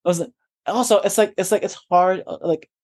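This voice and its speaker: A man's voice: high voice, fairly even intonation, a little fast, a little mellow. A young man co-hosting a casual podcast. He stutters, keeps repeating words and swears freely. He laughs often while telling his stories. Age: young adult. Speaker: podcast co-host. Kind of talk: casual chat.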